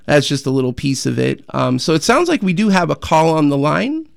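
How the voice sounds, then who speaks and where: A man hosting a call-in radio show, speaking earnestly and haltingly with many fillers and restarts. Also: on the high side, very animated, gravelly, no echo, studio quality. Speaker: radio host. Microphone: studio microphone.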